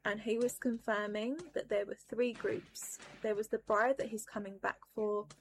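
A woman recounts a vision in a solemn, intense way. Her voice sits in a middle pitch. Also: level tone, normal speed, slight background noise. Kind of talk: personal testimony of a vision.

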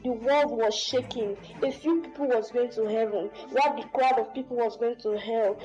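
Woman preacher, high and mellow voice, pleading, faint music behind. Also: steady tone, normal speed, dull audio. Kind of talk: exhortation to listeners.

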